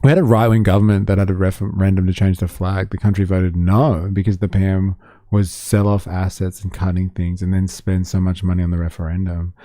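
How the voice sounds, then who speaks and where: A man's voice: deep voice, flat delivery, brisk, mellow, no room sound, clean studio sound. A man with an Australian accent giving sardonic, swearing live-stream commentary and reading out chat comments.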